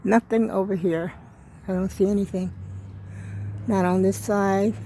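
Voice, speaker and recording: A woman's voice: medium pitch, steady tone, a little slow, mellow, a little hiss or hum. An older woman rambles through a casual home vlog, chatting straight to her viewers. She often trails off mid-sentence and keeps calling them y'all. She is recorded on a handheld phone indoors. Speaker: vlogger. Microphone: handheld phone camera.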